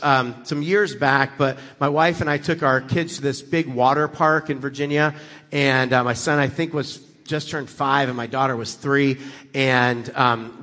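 A man's voice: mid-range voice, pushed and bright, long reverb tail. A middle-aged man preaching as a guest speaker, conversational and building to emphatic passages. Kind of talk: sermon.

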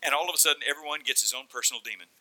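A man preaching a sermon, telling the story in an animated way and acting out the voices as he goes. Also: a little high, racing, low-quality recording. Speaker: pastor.

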